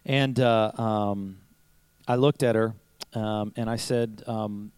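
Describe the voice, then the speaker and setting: A man's voice: on the low side, steady tone, takes it slowly, darkish tone, smooth, no room sound, low-quality recording. A pastor preaching to his church in a conversational sermon, telling stories, asking rhetorical questions and chuckling now and then. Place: church service.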